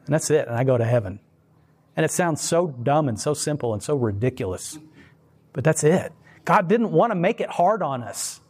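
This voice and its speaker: Animated man telling faith stories. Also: fairly high pitch, moderate pace, slightly rough. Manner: emphatic, rambling, animated storyteller. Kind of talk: casual chat, storytelling.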